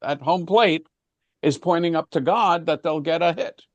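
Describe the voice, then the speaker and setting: A man's voice: a little high, moderate pace, no echo, lo-fi sound. A man leading an informal class discussion, talking conversationally with frequent restarts and fillers. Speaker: class teacher.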